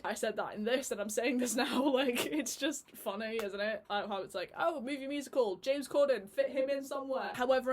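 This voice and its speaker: A woman talks through a casual review in a chatty way. She laughs often, and her talk is full of fillers and restarts. Her voice sits a little high. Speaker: YouTube reviewer.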